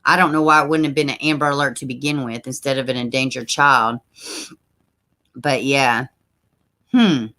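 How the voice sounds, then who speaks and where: A woman's voice: extremely low pitch, fairly even intonation, moderate pace, pauses often, sharp tone. A woman hosting a true crime livestream, chatting casually with her viewers, reading their comments aloud and using folksy slang like y'all.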